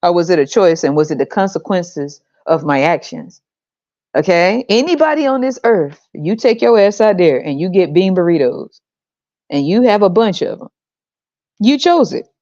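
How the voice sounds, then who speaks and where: A woman's voice: animated, normal speed, warm tone, no room sound. Profane, mocking American woman podcaster. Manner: profane, mocking, laughs often, mimics people in a high voice. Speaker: podcast host. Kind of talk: casual monologue rant. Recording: dull lo-fi sound.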